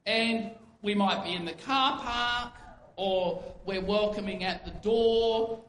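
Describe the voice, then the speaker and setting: A man's voice: high-pitched, pushed and bright, slight background noise. A man preaching a sermon as a pastor, conversational, asking rhetorical questions and acting out quoted speech. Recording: echoey room with faint ambience.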